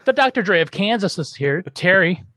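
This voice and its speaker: Male podcast host, lively pitch that leaps around, teasing banter, dry close mic. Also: fairly quick, no room sound. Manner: animated, jokey, swings up into high exaggerated tones. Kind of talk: casual comedic podcast chat.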